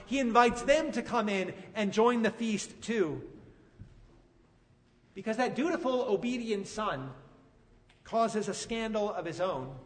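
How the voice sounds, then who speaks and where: A man preaching a sermon, retelling a story with animated, emphatic delivery. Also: very high-pitched, big-room sound. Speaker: pastor.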